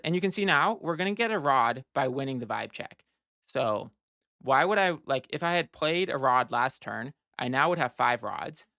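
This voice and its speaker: A man talks through a card game in a relaxed, think-aloud way, restarting sentences and working out each move as he goes. His voice sits at an ordinary middle pitch and is recorded close and dry, with no room sound. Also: no room sound. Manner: explanatory, plans moves step by step. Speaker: card game strategy teacher. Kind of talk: casual gameplay walkthrough.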